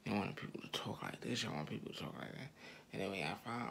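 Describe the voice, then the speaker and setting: A man with a low, gravelly voice rants at his viewers in loose street slang, circling back to the same points again and again. His tone is heated and blunt throughout. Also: expressive, fast talker, a bit bright, slight background noise. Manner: heated, repetitive, slangy street talk addressed to "y'all". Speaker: online commentator. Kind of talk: ranting commentary to viewers.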